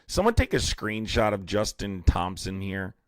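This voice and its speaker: A man's voice: on the low side, very animated, normal speed, no echo, clean studio sound. A young man hosting a livestream, reading viewer comments aloud and answering them in a heated, confrontational way. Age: young adult. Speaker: livestream host. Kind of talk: live-stream chat, reacting to viewer comments.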